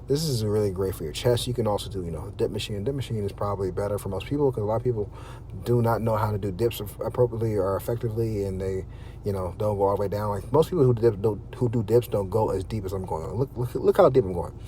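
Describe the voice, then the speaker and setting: A low-voiced man talks straight to his viewers in a casual vlog, blunt and profane and quick to wander off on tangents. Faint noise hums behind him. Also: warm tone. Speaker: fitness vlogger. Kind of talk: casual workout vlog talk.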